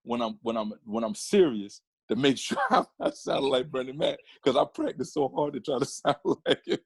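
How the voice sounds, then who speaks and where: A man talking as a podcast guest, his voice husky and his delivery animated, often restarting mid-sentence. The sound is close and dry, with no room around it. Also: mid-range voice, moderate pace, no echo. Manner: animated storyteller with many restarts. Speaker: podcast guest, comedian and photographer. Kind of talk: casual interview chat.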